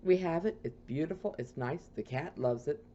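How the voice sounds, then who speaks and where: A woman's voice: deep voice, normal speed, mellow, muffled recording, slight background noise. A woman hosting a casual podcast from her home, chatty and rambling, often sidetracked. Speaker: podcast host.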